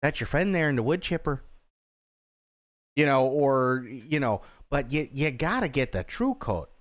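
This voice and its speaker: A man's voice: medium pitch, very animated, unhurried. A man livestreaming a game, chatting casually and rambling, with restarts and casual swearing.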